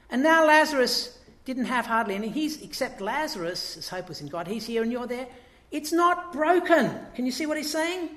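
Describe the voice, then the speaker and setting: A man preaching a sermon, animated and building up to emphatic peaks. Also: very high voice, roomy sound. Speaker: pastor.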